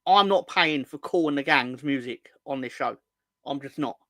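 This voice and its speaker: A young football fan show host speaks with a bright, forceful, medium-pitched voice at a moderate pace, with no room sound. He keeps things casual on his livestream, joking, rambling, and ribbing viewers over their comments.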